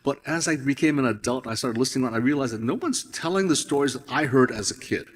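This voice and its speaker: Brief: male storyteller from Hawaii, husky, reflective and rambling, reverb of a large hall. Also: medium pitch, quick pace. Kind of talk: storytelling talk on stage.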